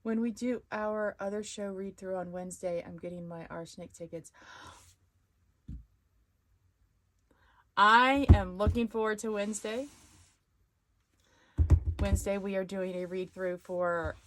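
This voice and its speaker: A woman hosting a casual live stream, chatting and rambling as she thinks out loud. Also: on the low side. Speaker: live-stream host of a sewing channel.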